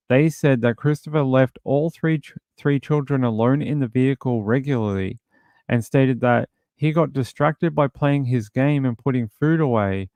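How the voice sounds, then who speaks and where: An Australian man hosts a casual true-crime livestream, reading out viewer comments and reacting with blunt indignation. His voice is smooth and resonant, and his pitch sits in an ordinary middle range. The sound is dry, with no room echo. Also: a little mellow. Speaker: livestream host.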